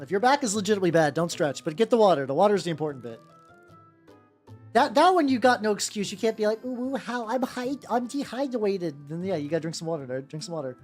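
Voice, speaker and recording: A woman's voice: deep voice, a little mellow. A woman streaming while she paints miniatures, rambling casually, swearing freely and greeting her chat by name. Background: faint background music.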